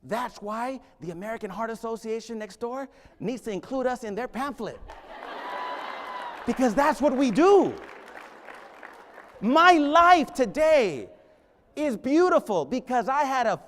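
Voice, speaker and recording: Animated middle-aged man rallying a hall. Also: very high voice, unhurried, pauses often, a little hiss or hum. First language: Spanish. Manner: animated, rallying the crowd, storytelling. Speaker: school leader, conference keynote speaker. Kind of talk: keynote speech. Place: large conference hall. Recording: echoing hall reverb.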